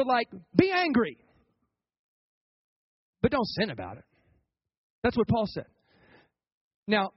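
High husky dude pastor giving a sermon, talky and loose, dry dull lo-fi sound. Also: male voice, no echo. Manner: conversational and colloquial, with quick repeated restarts; asks the congregation for responses.

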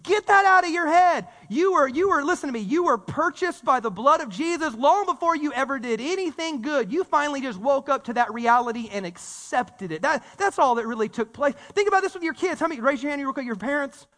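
A man preaching a casual, animated sermon, full of story and slang, with frequent repeated words. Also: extremely high pitch, fairly quick, few pauses. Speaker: pastor. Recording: long reverb of a church hall.

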